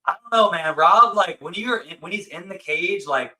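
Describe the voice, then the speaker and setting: Animated man in casual fight chat. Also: high voice, rough recording. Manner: excited, talks fast with many "like"s. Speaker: co-host.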